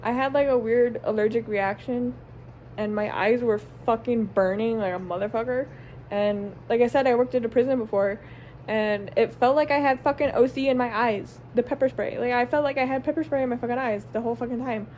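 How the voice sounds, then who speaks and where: A woman's voice: fairly high pitch, fairly quick, darkish tone, highs cut off, a little hiss or hum. A young woman, a stay-at-home mom, casually and candidly telling a personal story to camera, swearing constantly and stringing her sentences together with lots of "like" and "um". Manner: run-on sentences with many likes and ums.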